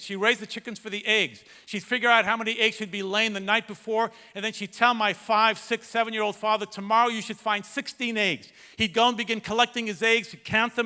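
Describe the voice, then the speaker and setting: A man preaching a sermon as a pastor, telling a story in an animated way that swings from hushed to shouting. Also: high-pitched. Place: large church hall. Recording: long hall reverb.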